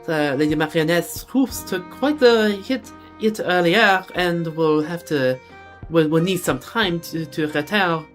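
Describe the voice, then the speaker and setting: A man voicing a polite, formal woman officer in a game, with a halting attempt at a French accent, stumbling over formal phrases. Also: a little high, faint music behind, close to an everyday voice. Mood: courteous. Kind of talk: reading game dialogue aloud.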